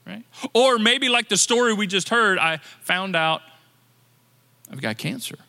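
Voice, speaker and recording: A male pastor gives a conversational sermon with a high, very bright voice. He repeats words for emphasis as he talks the congregation through the point. The voice rings out with a long reverb in a church sanctuary. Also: animated, measured pace, vocal fry. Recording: long reverb of a large hall.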